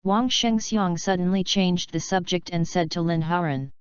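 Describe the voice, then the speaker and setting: A woman narrating a fanfiction audiobook in an even, matter-of-fact reading. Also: fairly low pitch, normal speed, hardly any pauses, clear, resonant tone, no echo. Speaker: audiobook reader. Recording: dull lo-fi dry recording.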